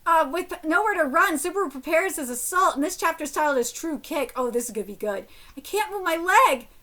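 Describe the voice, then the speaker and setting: Excitable woman reading manga live, very high voice, lively swings. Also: quick pace. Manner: excitable, yells at dramatic panels. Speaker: streamer reacting to manga. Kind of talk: live reaction, reading aloud.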